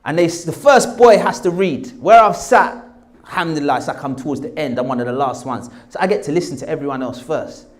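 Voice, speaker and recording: A man's voice: on the high side, a little fast. A man in his forties with a South London accent, an actor telling a story about his past and acting out the people in it. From England. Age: 40s. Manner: animated, acts out the people he quotes. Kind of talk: storytelling anecdote.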